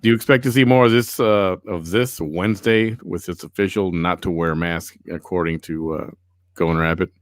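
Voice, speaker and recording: A man's voice: low-pitched, steady tone, brisk, dry recording, studio quality. A male podcast host chatting casually and reading out viewer comments, wry and sarcastic.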